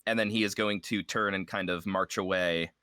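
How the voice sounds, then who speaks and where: A man's voice: low voice, steady tone, normal speed, pushed and bright, no room sound. A man playing a tabletop game, casually describing his character's actions with many fillers. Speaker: player.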